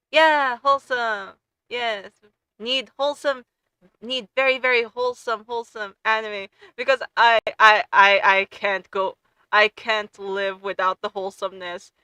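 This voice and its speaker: A woman streamer chatting casually and gushing with excitement, often stumbling and restarting her sentences. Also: medium pitch, smooth, dry recording, low-quality recording. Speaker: VTuber streamer.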